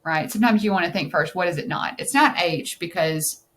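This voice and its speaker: A woman's voice: fairly low pitch, brisk, a bit bright, slight background noise. A woman tutoring test prep, thinking aloud as she explains answers and checking in with "okay?".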